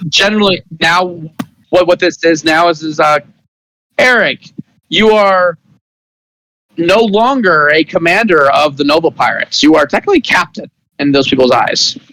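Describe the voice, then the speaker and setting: A man's voice: a little high, moderate pace, bright, forceful tone, dry recording, low-quality recording. A man narrating as game master of a tabletop role-playing game, speaking casually with frequent hesitations and voicing the other characters.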